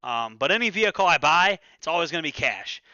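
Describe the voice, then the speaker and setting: A man's voice: fairly high pitch, big pitch swings, fast, sharp tone, clean tone, dry recording, lo-fi sound. A man hosting a livestream, chatting casually and loosely, with plenty of swearing and stammered restarts. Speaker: livestream host. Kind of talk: casual rambling livestream chat.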